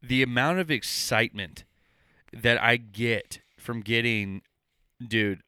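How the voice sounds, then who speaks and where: Ein junger Mann plaudert in einem Podcast, laut, witzig und derb. Seine Stimme klingt hell und klar, trocken und nah am Mikrofon aufgenommen. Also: male voice, medium pitch, slow pace, smooth, no room sound. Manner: loud, joking and profane, puts on quoted voices. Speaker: podcast co-host. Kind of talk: casual chat.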